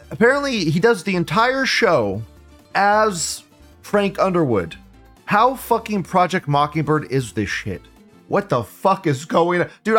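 A man's voice: high voice, fairly bright tone. A man hosting a live online show, talking in a rambling, profane and mocking way. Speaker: host. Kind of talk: casual live commentary.

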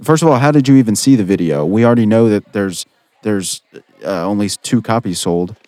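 A man's voice: on the low side, a little fast, a little mellow, no echo. A man hosting a radio call-in show in a comedy sketch, casual and laid-back with stammered restarts.

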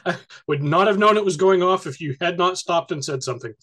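A man's voice: high-pitched, fairly quick, fairly bright tone. A man co-hosting a podcast in casual chat, speaking hesitantly with many fillers and laughing easily. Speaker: podcast co-host.

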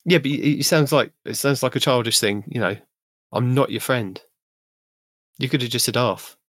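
A man's voice: mid-range voice, moderate pace, no echo. Nitpicky podcast co-host guy, dry close sound, keeps needling. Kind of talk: casual chat.

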